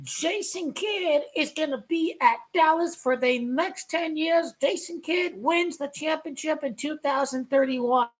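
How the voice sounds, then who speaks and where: Very high-pitched shouting woman sports ranter. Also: measured pace, few pauses. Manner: loud, excitable, repeats herself, often shouts. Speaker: sports vlogger. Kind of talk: ranting sports commentary.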